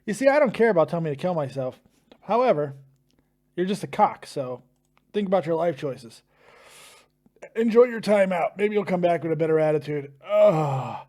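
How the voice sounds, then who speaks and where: A man's voice: on the high side, expressive, moderate pace, pauses often, a little mellow. A man hosting a live stream, groaning and swearing while his mouth burns from a hot pepper.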